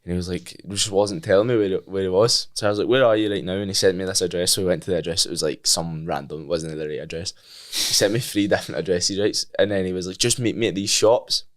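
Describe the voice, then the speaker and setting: A young Scottish man with a low-pitched voice tells a story as a podcast guest. He swears freely, laughs, and acts out each line of dialogue in casual chat. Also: fast.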